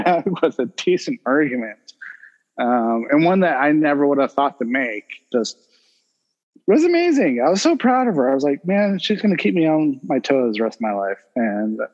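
A man's voice: fairly high pitch, long reverb tail, lo-fi sound. A man hosting a casual podcast, telling a family story and laughing often as he talks. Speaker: podcast host. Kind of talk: casual chat.

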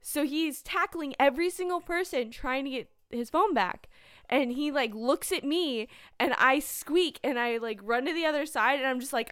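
A woman's voice: high-pitched, lively intonation, normal speed, a bit bright, no room sound, studio quality. A young woman chatting casually, telling rambling stories with lots of fillers and giggles. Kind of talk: casual chat.

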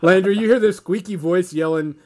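A man narrating as game master of a tabletop game, relaxed and rambling. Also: sits high, a little fast. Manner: relaxed, rambling with fillers and laughs.

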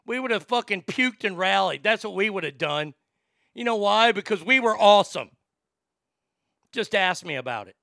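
A man's voice: high voice, expressive, moderate pace, creaky, bright, forceful tone, no echo. A man hosting a comedic talk show, ranting in a profane, sarcastic way into a close studio mic. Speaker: host.

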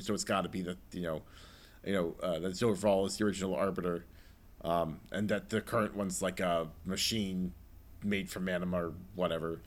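A man's voice: deep voice, a bit bright. A man co-hosting a casual games podcast, thinking aloud in a wry, hedging way. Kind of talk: casual chat about video games.

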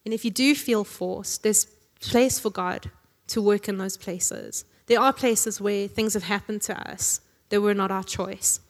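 Preaching in a long, reverberant hall, a woman keeps her sermon chatty, tagging lines with questions and laughing at her own jokes. Her medium-pitched voice is steady and a little slow, with hardly any pauses.

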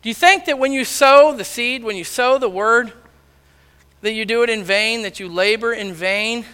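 A man preaching a sermon, loudly telling stories and acting out the dialogue. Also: extremely high pitch, normal speed, clear, resonant tone. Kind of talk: sermon storytelling. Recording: long reverb of a large hall.

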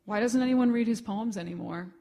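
A woman's voice: mid-range voice, brisk, warm tone, big-room sound, natural voice. A woman reading a story, doing a distraught young woman in a breakdown, crying out and pleading, her voice close to the reader's own. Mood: wondering.

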